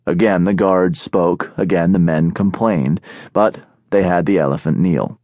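A man narrating an audiobook in a steady, measured storytelling manner, recorded on a studio microphone. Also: low voice, no room sound. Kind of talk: scripted narration.

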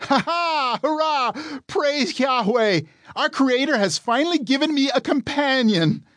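A man's voice: fairly low pitch, big pitch swings, normal speed, no room sound, clean studio sound. A man voicing a naive, eager first man in an audiobook, talking in a wide-eyed way. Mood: excited.

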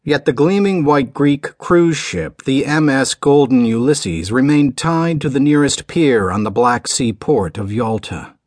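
Slow, expressive male audiobook narrator. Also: medium pitch, no echo, studio quality. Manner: measured, dramatic storytelling delivery.

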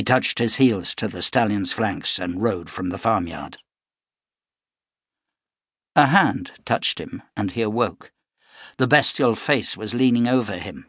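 A man narrating an audiobook in measured, dramatic storytelling. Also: on the low side, lively intonation, fairly bright tone, breathy edge, dry recording, studio quality. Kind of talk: scripted narration.

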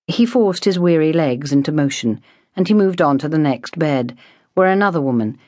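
This is scripted audiobook narration of an unabridged novel by a woman whose voice sits low. She tells it in a measured, expressive way, captured in a dry, clean studio recording.

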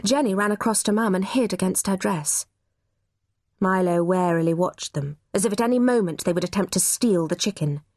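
A woman narrating a children's novel as an audiobook, in measured, expressive storytelling. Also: mid-range voice, dry recording, clean studio sound.

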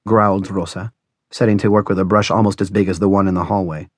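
A man narrates a novel in a measured, dramatic reading. His voice sits fairly low, and the recording is dry and close with no room sound. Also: steady tone, breathy edge, no room sound. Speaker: audiobook narrator. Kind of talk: scripted narration.

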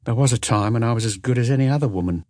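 A man reading an audiobook, voicing an older woman cleaner and ex-convict who answers calmly and bluntly, without fear. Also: medium pitch, very fast, no echo, pitched above the performer's own voice, close to an everyday voice. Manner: calm, unflinching, blunt.

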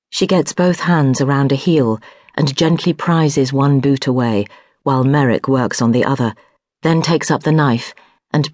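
Husky-voiced woman narrating a historical novel. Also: a bass voice, darkish tone, dry recording, studio quality. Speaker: audiobook narrator.

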